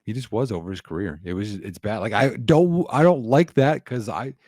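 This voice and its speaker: A man's voice: fairly low pitch, normal speed, darkish tone, dry recording, studio quality. A man co-hosting a casual sports podcast, rambling through his points with many fillers. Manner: rambling, filler-heavy, restarts. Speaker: podcast co-host.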